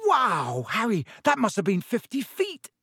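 A man voicing cheeky teenage brothers, lively and teasing. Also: high voice, measured pace, slightly rough, no echo, studio quality, voice pushed up, heavily acted.

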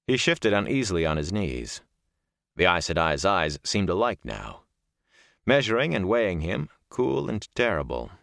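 Deep-voiced male audiobook narrator. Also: very animated, moderate pace, creaky, a bit bright, no room sound, studio quality. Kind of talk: scripted narration.

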